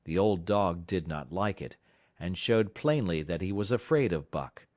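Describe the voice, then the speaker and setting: A man reading a novel aloud as an audiobook narrator, measured and dramatic, dropping low at tense moments. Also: lively intonation, darkish tone, no echo, studio quality.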